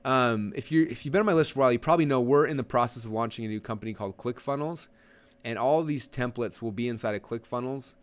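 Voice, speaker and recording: A man hosting a live marketing webinar, talking fast at a middle pitch. He rambles, restarts his sentences, and slips into quick acted-out asides as he walks his viewers through examples. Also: clean tone. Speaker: online marketing coach.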